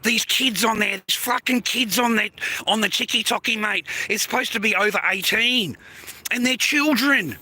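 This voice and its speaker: A man venting on a live stream, cursing freely in a blunt, irritated rant. His voice sits high and sounds sharply bright and forceful. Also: expressive, normal speed, slightly rough. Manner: angry, heavy swearing, blunt. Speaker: livestreamer.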